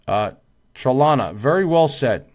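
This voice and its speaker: A weary male livestream host, yawning, chats casually while reading out viewer names and comments, repeating his points. His mid-range voice has lively intonation and moves a little slowly.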